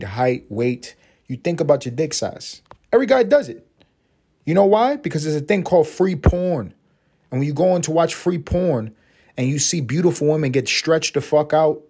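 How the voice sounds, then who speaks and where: A man's voice: fairly high pitch, warm tone. A man of Puerto Rican background doing a crude, rambling comedy podcast monologue, slipping into mocking voices and laughing. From Puerto Rico. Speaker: podcast host.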